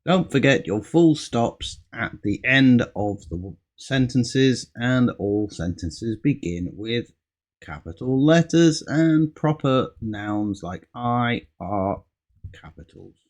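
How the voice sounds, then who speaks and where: A man's voice: medium pitch, expressive, slow pace. A man teaching an English speaking lesson, patiently modelling example answers and stressing key words. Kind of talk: slow, patient ESL lesson.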